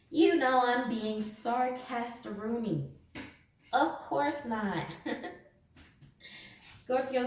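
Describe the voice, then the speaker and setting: A woman giving a casual tarot reading to camera, sarcastic and laughing often. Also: fairly high pitch. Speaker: tarot reader. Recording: echoey room, mic at a distance.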